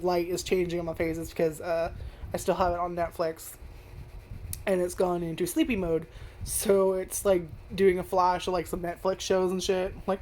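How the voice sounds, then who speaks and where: A woman's voice: on the low side, a little mellow, a little hiss or hum. A woman reviewing an anime at home in front of a webcam, rambling and swearing with lots of fillers. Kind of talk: casual video review. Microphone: webcam zoomed in on face.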